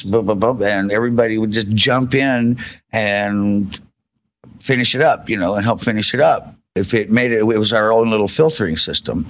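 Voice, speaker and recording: Low-voiced man recalling old times. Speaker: musician guest. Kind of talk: reminiscing interview talk. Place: radio studio.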